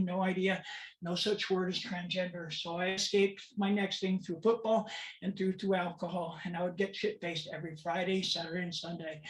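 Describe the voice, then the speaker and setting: A woman's voice: mid-range voice, echoey room, poor audio. A woman, telling her personal story as a guest speaker in an emphatic, repetitive way. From Southern California, USA. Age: 50s.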